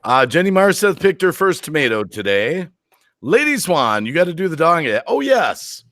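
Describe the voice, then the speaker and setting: A man's voice: on the high side, sing-song, normal speed, a bit bright, dry recording, studio quality. A man hosting a casual live stream, upbeat, tossing out catchphrases and reading viewer comments aloud.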